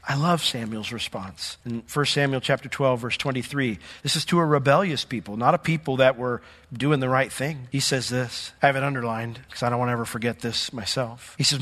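Animated male preacher in a reverberant hall. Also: mid-range voice, fairly quick. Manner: animated preaching, acts out quoted voices. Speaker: pastor. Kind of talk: sermon. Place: church sanctuary.

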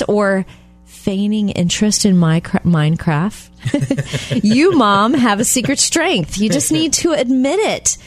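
Lively, laughing woman radio host. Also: on the high side, no room sound. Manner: chatty, laughing storyteller. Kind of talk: casual radio chat.

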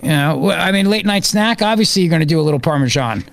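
A man's voice: a little high, expressive, fast talker, vocal fry, fairly bright tone. A man hosting a political talk radio show, riffing sarcastically on the news.

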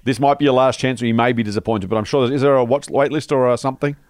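A man's voice: medium pitch, steady tone, very fast, dry recording, studio quality. An Australian man co-hosting a podcast in casual chat, matey and encouraging, calling people mate. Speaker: podcast co-host.

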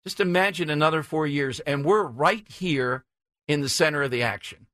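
Blunt talk radio man, bright and punchy. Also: fairly high pitch, moderate pace, no echo. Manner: blunt, combative, sarcastic. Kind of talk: opinionated talk radio monologue.

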